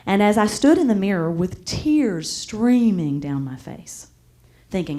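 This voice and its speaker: A woman, speaking as a motivational speaker and telling a story to a live audience with lively, animated turns between loud and soft. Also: medium pitch, unhurried.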